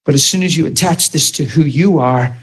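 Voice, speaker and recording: Man preaching, middle-aged, high voice, lively storytelling, acts out conversations. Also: fairly quick, husky. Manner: animated storytelling, acts out dialogue. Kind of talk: sermon.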